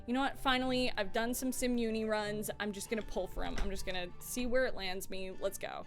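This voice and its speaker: A young woman talks casually from her desk while she works on a craft, chatty and playful, swearing often. Her voice sits at a middle pitch. Soft music plays faintly behind her. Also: fairly even intonation, a little fast. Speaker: streamer. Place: home desk.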